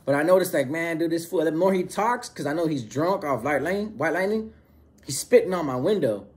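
A man with a slightly higher-pitched voice tells a story in relaxed street slang. He retells it in an animated way and acts out the lines of the other people in it. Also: fairly quick. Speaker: storyteller recounting prison experience. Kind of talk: casual storytelling.

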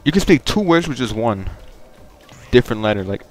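A young man giving casual, profane, joking commentary while playing a game online, rambling and bursting into loud excitement. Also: mid-range voice, a little fast, faint music behind. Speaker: gaming video creator.

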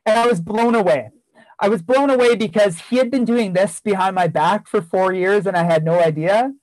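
Speaking at a moderate pace in a high, slightly mellow voice, this keynote speaker sincerely tells a tale from his time as a teacher, leaning on repeated phrases. The audio is dry and low-quality.

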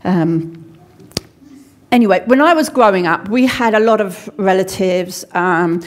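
A woman's voice: medium pitch, a little slow, slight background noise. An English woman preaching a sermon in a church, talking conversationally with personal stories and frequent restarts. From England.

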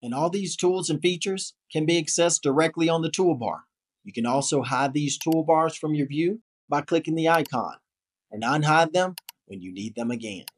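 A man narrating a scripted software tutorial in an upbeat, polished promotional manner. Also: on the high side.

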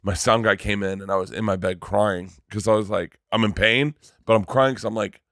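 A man in his thirties, a comedian guest on a podcast, telling a story in a casual, animated way, full of restarts and swearing. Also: on the low side, fairly quick, no echo, clean studio sound.

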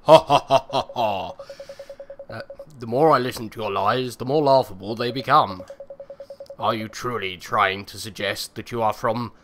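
A man's voice: fairly low pitch, normal speed, a bit bright, slight background noise, natural voice. A man doing a pompous, scornful older male emperor voice while reading game dialogue aloud. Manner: mocking, pompous laugh and formal speech. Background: game music.

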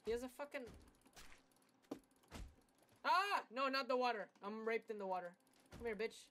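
A young woman giving casual gameplay commentary, swearing and trash-talking rivals crude and loud, with bursts of laughter. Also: on the high side, lively intonation, normal speed, long pauses. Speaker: gaming commentator.

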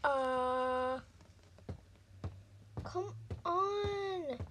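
A young woman casually reacting out loud to a horror game, jumpy and squealing when startled, muttering asides in between. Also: sits high, expressive, extremely slow. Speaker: gaming channel host. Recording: noisy home recording.

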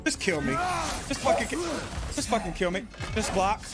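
Give me a very high-pitched man yelling and swearing at a video game, with loud game music behind him. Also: expressive, normal speed. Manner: frustrated, cursing, yelling at the screen. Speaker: gaming channel host. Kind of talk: profane live gameplay commentary. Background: loud game soundtrack.

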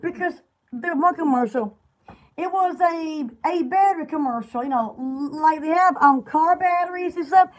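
A woman with a high-sitting voice speaks at a moderate pace while hosting a casual live sale for her online bath-products shop. She's chatty and giggly, wandering off between product lists.

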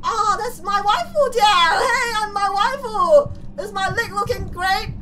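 A woman's voice: very high-pitched, measured pace, distant mic, crowd noise, rough recording. A woman doing playful, giggly let's play commentary over a game. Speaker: gamer.

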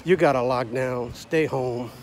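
A US man in his sixties or seventies vlogs straight to camera, his medium-pitched voice a little slow over slight background noise. It's a blunt, combative, preachy rant.

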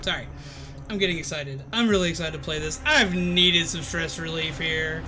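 A gaming streamer with a fairly high-pitched voice talks at normal speed over game music and background noise. His casual gameplay commentary is playful, with remarks to enemies and sing-song noises.

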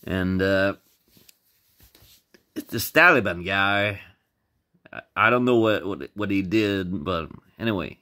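A man's voice: sits low, slow pace, pauses often, pushed and bright. A man telling a comic story casually, rambling, swearing and repeating words.

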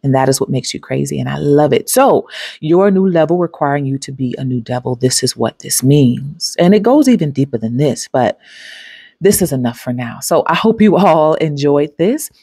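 Her voice sits low, warm and creaky with a breathy edge, expressive and at a moderate pace, in a dry recording. She hosts a spiritual self-help channel, giving viewers an emphatic, preachy pep talk and laughing easily between points.

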